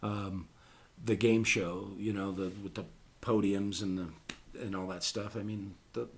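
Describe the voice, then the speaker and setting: A man's voice: fairly low pitch, fairly even intonation, unhurried, a little hiss or hum. A middle-aged man talking casually on a podcast, rambling with many ums and restarts.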